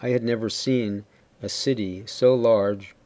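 A man giving a steady, measured first-person story reading. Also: lowish voice. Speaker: reader.

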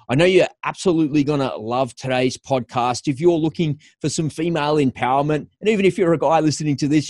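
A man hosting a podcast, upbeat and lively as he reads the intro and chats with his guest. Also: medium pitch, no room sound, studio quality. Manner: upbeat, lively, promo-style. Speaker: podcast host.

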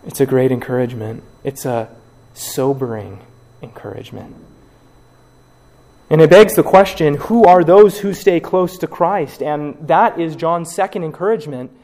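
A man preaching a sermon, dramatic, acting out the people he quotes and swinging from loud cries to hushed words. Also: a little high, moderate pace, in a large hall. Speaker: pastor.

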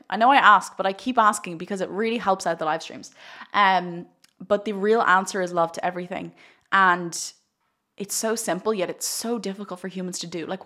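A young woman talks as a spiritual coach on a casual live stream. Her voice sits at a middling pitch, and she speaks in an effusive, rambling way with lots of fillers. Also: sharp tone. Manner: chatty and effusive, heavy use of "like", frequent laughter. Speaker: spiritual coach and card reader.

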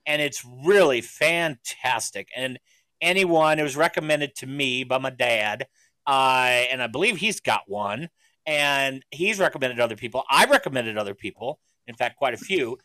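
A man's voice: medium pitch, expressive, moderate pace, sharp tone, no room sound. A man hosting a podcast in casual chat, rambling through stories and laughing often. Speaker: podcast host.

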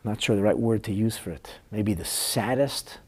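Middle-aged man, rabbi teaching Talmud, earnest and emotional, low husky voice. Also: moderate pace. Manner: earnest, emotional storytelling with restarts. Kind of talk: Talmud class with personal story.

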